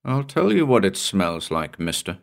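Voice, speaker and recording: A man voicing a gruff middle-aged ship's mate who talks bluntly like a seaman. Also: sits low, sing-song, moderate pace, full character voice. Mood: uneasy.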